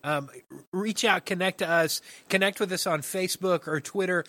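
A man's voice: high-pitched, fairly even intonation, moderate pace, sharp tone, no room sound. A man co-hosting a podcast in casual chat who leads into the break. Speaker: podcast co-host.

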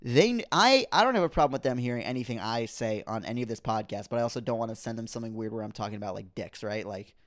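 A man's voice: medium pitch, quick pace, hardly any pauses. A young man hosting his own podcast, rambling through a comedic rant and breaking off mid-thought before building to exasperation. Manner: rambling, self-interrupting, rises to animated exasperation. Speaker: podcast host.

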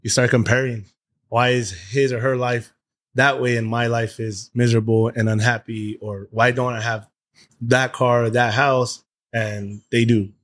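A man's voice: mid-range voice, little pitch movement, a little slow, a bit bright, dry recording. Male podcast host, casual and earnest, probing questions, dry close recording. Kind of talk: casual interview chat.

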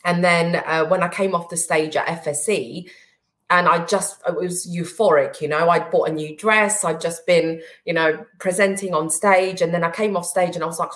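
Emotional woman, halting speech. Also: fairly low pitch, a bit bright. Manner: emotional, halting, many "you know" fillers. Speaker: guest, business owner. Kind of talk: casual interview chat.

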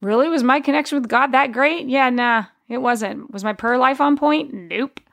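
A woman in her forties shares a personal faith testimony in an earnest, conversational way, circling back and restarting her thoughts. Her voice sits a little high with a gravelly, fried edge. The recording is dry and close. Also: moderate pace, fairly bright tone, no echo. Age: 40s.

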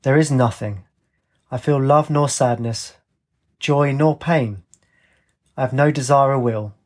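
A man's voice: mid-range voice, unhurried, darkish tone, natural voice. A man reading a drained, weary young man.

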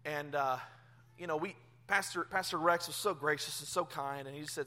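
Man, pastor, sermon in a church, high voice, very bright and forceful, animated storytelling. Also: a little fast. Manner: animated storytelling, swinging from hushed to loud. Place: church sanctuary.

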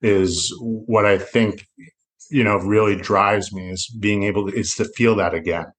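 Low-voiced reflective man. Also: steady tone, unhurried. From South Florida. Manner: reflective, rambling, many restarts. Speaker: podcast guest, loan officer. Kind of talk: casual interview talk.

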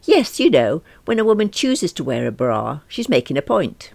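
A woman's voice: low voice, sing-song, normal speed, gravelly, darkish tone, no echo, pitched above the performer's own voice, heavily acted. A woman voicing an earnest, eager young university student daughter, with a slightly preachy manner.

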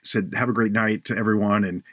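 Husky low-voiced guy hosting a faith podcast, earnest, slows down to stress stuff. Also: fairly even intonation, fairly bright tone, dry recording, clean studio sound. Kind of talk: faith podcast conversation, storytelling.

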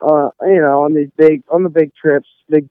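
A man's voice: a little high, fairly even intonation, moderate pace, smooth, dry recording, phone-quality sound. A young man from Texas, a college golfer rambling casually through an interview with lots of fillers. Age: young adult. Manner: rambling, many fillers and restarts.

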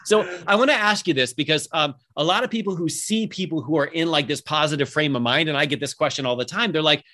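An upbeat man hosting a casual podcast interview, his voice sitting a little high for a man. He is middle-aged and from Southern California, and he talks with eager energy, dropping in plenty of ums. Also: fast, sharp tone. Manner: upbeat, enthusiastic, many fillers. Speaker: podcast host.

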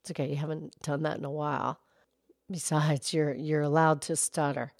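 A kindly, level-headed cow co-host on a kids' podcast, played by a woman, patient and reassuring as she explains things. Her voice sits low for a woman, recorded close and dry. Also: flat delivery, normal speed, a little mellow, dry recording. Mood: gentle. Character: calm, kindly, knowledgeable female cow co-host. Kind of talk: in-character kids' podcast chat.

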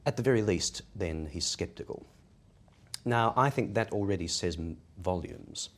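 A man explaining ideas in a measured academic discussion, posing rhetorical questions as he goes. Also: low-pitched, lively intonation. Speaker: podcast discussant.

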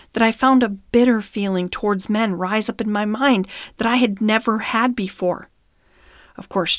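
A woman narrating a classic storybook as an audiobook reader, in a clear, measured reading. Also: medium pitch, no echo, studio quality.

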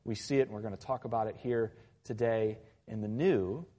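Conversational pastor preaching in a reverberant hall. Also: male voice, lowish voice, a little fast, mellow. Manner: conversational, with frequent tag questions. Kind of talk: sermon.

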